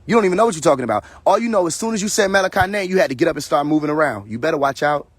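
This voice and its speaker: Talking from a phone, a livestream host launches into a heated casual rant that's confrontational and preachy, packed with profanity and repeated phrases. His high voice is animated and rapid-fire, with no echo.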